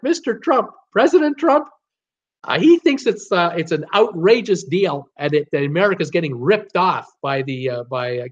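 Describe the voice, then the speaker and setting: A middle-aged man from Canada hosting a live trivia stream in casual chat, animated and exasperated, with chuckling asides to his viewers. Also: on the high side. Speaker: host of a live trivia show. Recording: slightly dull lo-fi sound.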